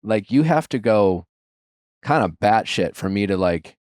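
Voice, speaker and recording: A man's voice: on the low side, animated, measured pace, a little mellow, no room sound, studio quality. A man hosting a podcast, chatting frankly and asking pointed questions. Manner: frank, conversational, asks probing questions. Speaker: podcast host. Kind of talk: casual chat.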